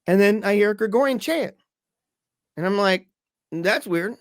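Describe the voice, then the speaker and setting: A lively podcast guest tells a long personal story in a loose, chatty conversation, acting out everyone's lines with his voice. His voice is slightly high for a man, his pace normal, and the sound is dry and close with no room echo.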